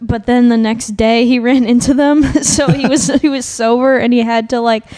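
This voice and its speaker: A woman's voice: a little high, fairly even intonation, moderate pace, warm tone. A woman on a podcast, giggling and teasing as she tells a casual story. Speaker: podcast guest.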